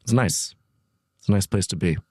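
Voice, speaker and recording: A man co-hosting an improvised comedy show, talking in a dry, deadpan way. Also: low voice, moderate pace, husky, no room sound.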